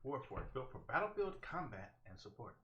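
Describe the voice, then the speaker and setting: A man's voice: medium pitch, sing-song, normal speed, lo-fi sound, slight background noise, lightly acted. A man voicing a formal male warforged construct fighter who introduces himself stiffly. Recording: roomy echo.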